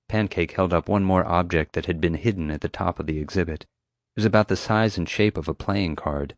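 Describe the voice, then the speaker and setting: A man narrating an audiobook in a steady, clear storytelling manner on a close mic. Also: low voice, brisk, dry recording.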